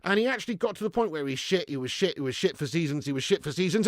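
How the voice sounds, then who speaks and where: A man hosting a live football fan stream, chatting excitably, swearing freely and laughing as he reacts and thanks viewers for donations. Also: on the high side, very fast, hardly any pauses, no echo, studio quality. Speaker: football fan channel host.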